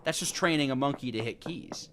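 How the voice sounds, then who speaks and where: A man's voice: mid-range voice, a little fast, noisy background. A young man casually chatting and joking with viewers while streaming a video game, rambling between tasks. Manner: joking, rambling, answers chat. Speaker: gaming streamer. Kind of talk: casual let's-play chat with viewers.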